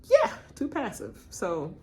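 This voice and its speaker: A woman giving a blunt, animated reaction rant, mimicking people as she retells scenes. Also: mid-range voice, slow pace, heavy background noise. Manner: animated, blunt, quotes people in mock voices. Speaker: reaction channel host.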